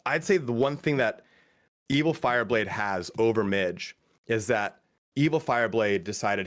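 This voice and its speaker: A man's voice: fairly low pitch, lively intonation, normal speed, fairly bright tone. A man giving an improvised, crude, teasing roast of a friend over a stream, rambling with many fillers. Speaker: roast speaker.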